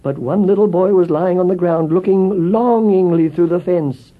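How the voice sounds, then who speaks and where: A man narrating a children's story in an expressive voice that swells with feeling. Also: high voice, moderate pace. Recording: tinny phone-like with faint music.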